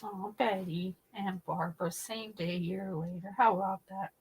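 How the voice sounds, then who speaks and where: A middle-aged woman hosting a casual livestream, chatting with viewers and telling stories in an animated, blunt way with some swearing. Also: mid-range voice, moderate pace, slight background noise, rough recording. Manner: chatty, reads and answers viewer comments. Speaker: livestream host.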